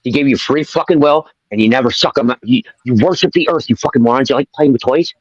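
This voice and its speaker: Man, caller, shouting profane rant, husky, rapid, lo-fi muffled line. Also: mid-range voice, dry recording. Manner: yelling, profane, rambling. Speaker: caller joining a live stream. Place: outdoors. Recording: lo-fi, muffled call audio.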